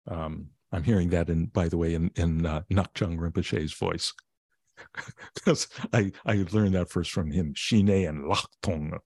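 A man, a meditation teacher, explaining ideas in plain language with gentle humor during a conversational podcast interview. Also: deep voice, husky. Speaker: meditation teacher and author, guest.

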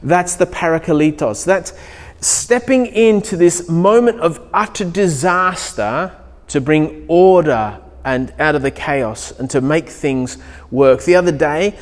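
A middle-aged Australian man preaching a sermon, telling stories with animated acted-out dialogue. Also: a little high, slow pace. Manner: animated storytelling, acts out dialogue. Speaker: pastor. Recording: long hall reverb.

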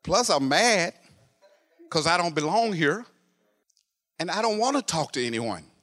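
A male preacher telling a story in a sermon, dropping to a hush, then rising to loud, animated exclamations. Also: a little high, measured pace. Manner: animated, swinging from hushed narration to loud exclamations.

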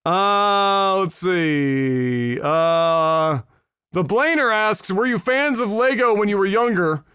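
A foul-mouthed man holds forth on a casual podcast. His voice sits high and climbs higher as he gets worked up. The close mic leaves the sound dry, with no room around it. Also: animated, takes it slowly, clean tone, dry recording. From Nova Scotia, Canada. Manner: profane, ranting, loud when worked up. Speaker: podcast co-host.

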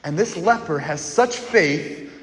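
Animated priest, echoey church. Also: male voice, fairly high pitch, takes it slowly. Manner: animated, leads call-and-response shouting. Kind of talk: sermon to children.

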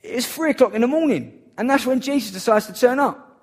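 High-voiced earnest male preacher. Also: lively intonation, fairly quick, husky. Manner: earnest, emphatic, repeats key phrases. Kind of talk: sermon.

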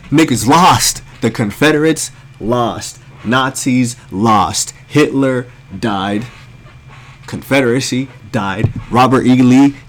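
A man's voice: mid-range voice, a little hiss or hum. An American man telling a story as a blunt, heated, profanity-filled rant to his viewers. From United States. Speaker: storyteller ranting to camera.

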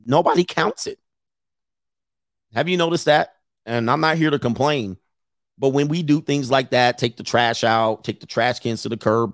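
Answering viewers' super chats on his livestream, a mid-range-voiced life coach rants bluntly and profanely, laughing between points and repeating phrases. The studio-quality sound has no echo.

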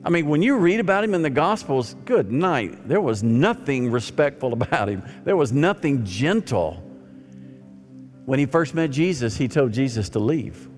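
A male pastor preaching a sermon, swinging from loud emphatic lines to soft, near-whispered ones. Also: medium pitch, very animated, normal speed. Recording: long hall reverb with faint music.

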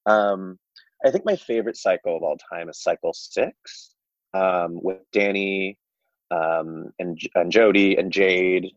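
A man's voice: low-pitched, measured pace, no room sound, lo-fi sound. A man hosting casual chat, rambling with lots of fillers and frequent laughs.

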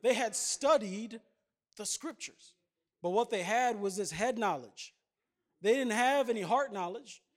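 A man's voice: sits high, animated, unhurried. A man in his thirties preaching a sermon, chatting with the congregation in asides and then building to emphatic points. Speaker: pastor.

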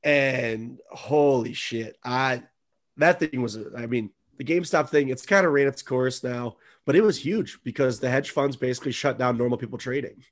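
A man chats casually. He talks in an animated, mocking way and swears freely. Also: mid-range voice, moderate pace. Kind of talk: casual chat.

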